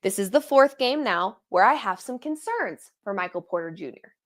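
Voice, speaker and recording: A young woman hosts a post-game sports reaction, speaking straight to her audience. Her voice sits at an ordinary middle pitch, and her delivery is animated and exasperated, full of sarcastic asides. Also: moderate pace. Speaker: sports show host.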